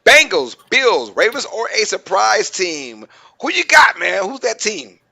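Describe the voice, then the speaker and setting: A young man co-hosting a sports podcast in animated, slangy chat that often breaks into laughter. His voice is bright and sits somewhat high. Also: unhurried, vocal fry, breathy edge. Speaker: podcast co-host.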